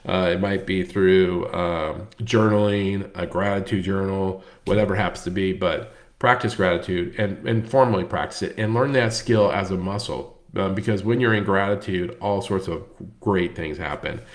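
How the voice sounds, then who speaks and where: Male host, low-pitched, casual book-club chat, conversational. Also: normal speed. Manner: conversational, frequent fillers and restarts.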